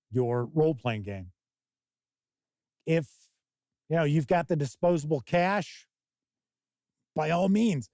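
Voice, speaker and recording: Brief: male stream host, slightly high voice, dry close sound, rambling and casual, swears freely. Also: no echo. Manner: rambling, profane, animated mock quotes. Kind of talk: casual live-stream talk.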